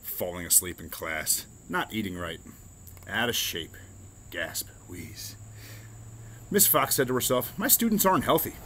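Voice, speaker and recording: A man reading a children's picture book aloud in an expressive storytelling manner. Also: low voice, takes it slowly, long pauses, a little hiss or hum. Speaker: reader.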